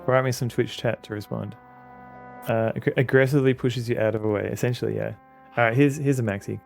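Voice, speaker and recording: A man's voice: medium pitch, steady tone, fairly quick, vocal fry, darkish tone, faint music behind. A man streaming a game, chatting casually and rambling as he answers his viewers. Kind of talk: casual gameplay commentary.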